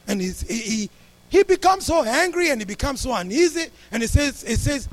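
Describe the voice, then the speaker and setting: A male pastor telling a story in a sermon, acting out the people in it with big rises and drops in loudness. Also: brisk, no echo. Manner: animated, acts out the people in his story with big swings in pitch and loudness.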